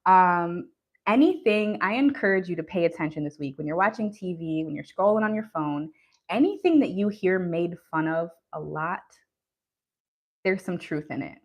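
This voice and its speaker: A woman's voice: fairly low pitch, moderate pace. A woman hosting a live tarot stream, talking casually and earnestly to her viewers about spiritual practices, with frequent ums and you-knows. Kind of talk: casual live-stream talk answering chat.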